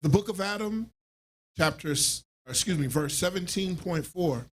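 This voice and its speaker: A man reading scripture aloud in a steady, measured way during a class. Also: high-pitched, a little hiss or hum.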